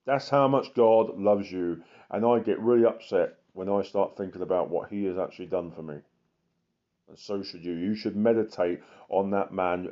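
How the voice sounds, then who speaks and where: A man's voice: lowish voice, dark tone. A man, an evangelist giving an impassioned sermon full of emphatic repetition. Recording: muffled lo-fi recording.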